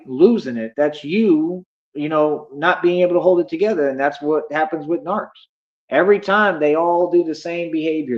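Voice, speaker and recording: Streamer, man, fairly high voice, cocky and confrontational, muffled lo-fi audio. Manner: boastful, confrontational, slangy. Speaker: livestreamer. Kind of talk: livestream rant at chat.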